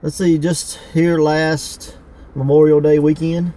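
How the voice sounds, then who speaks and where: A man's voice: fairly high pitch, level tone, takes it slowly, mellow, rough recording. A man with a Mississippi Southern accent, hosting a casual wrestling podcast from a parked car, easygoing and laughing often. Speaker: podcast host, wrestling promoter. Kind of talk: casual chat.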